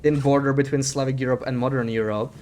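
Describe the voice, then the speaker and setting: Chatty male streamer, mid-pitched voice. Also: fairly even intonation, fast talker, a little mellow, a little hiss or hum. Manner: chatty, reads chat aloud, self-deprecating laughs. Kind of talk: casual live-stream chat while gaming.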